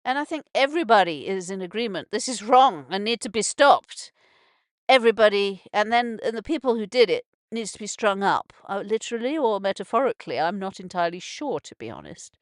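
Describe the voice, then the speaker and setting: On a narrowboat moored on a canal, a woman hosts a laid-back morning radio show, rambling, restarting often, and cursing when she gets upset, her emotions running high since a stroke. Her voice sits at a medium pitch and is expressive and brisk. The recording is dry, with clean studio sound.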